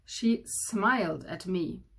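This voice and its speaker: A woman's voice: fairly low pitch, slow pace, creaky, a bit bright, breathy edge, full character voice. A woman voicing a stern, earnest male soldier making a formal report.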